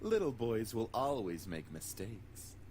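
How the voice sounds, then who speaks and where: Man voicing a charming incubus, flirtatious, teasing, lowish voice, lively intonation, dating game. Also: a little slow, a little hiss or hum.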